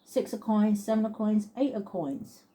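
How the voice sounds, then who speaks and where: Mellow-voiced woman musing over tarot cards. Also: medium pitch. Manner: muses aloud, chuckles often, reads card texts slowly. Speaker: tarot reader. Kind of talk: casual tarot reading, thinking aloud.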